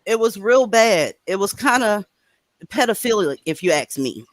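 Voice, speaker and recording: A woman's voice: mid-range voice, very animated, moderate pace, no echo. A woman hosting a casual livestream panel, speaking bluntly and profanely, often laughing. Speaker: panel host.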